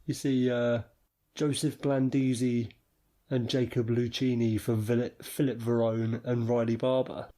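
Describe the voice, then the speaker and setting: A man's voice: medium pitch, a little slow. A British man co-hosting a podcast, talking in casual, sweary banter and acting out little scenes as he tells a story. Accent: British English. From England. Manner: animated, sweary storytelling with acted-out voices. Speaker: podcast co-host.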